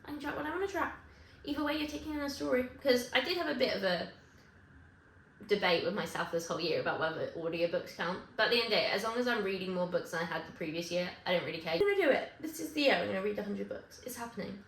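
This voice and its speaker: A woman chatting to camera in a loose, rambling way, stopping to correct herself and toss in little asides. Her voice is mid-pitched and bounces around an echoey room with a faint hum of ambience behind it. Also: lively intonation, quick pace, fairly bright tone. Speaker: vlogger. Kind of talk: casual chat to camera.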